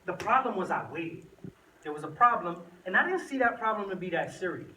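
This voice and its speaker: A young man tells a slangy, animated story to a youth group, recorded in an echoey room from a distance. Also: sits high, brisk. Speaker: youth speaker. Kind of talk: storytelling talk to teens. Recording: echoey room, from the mic, faint noise.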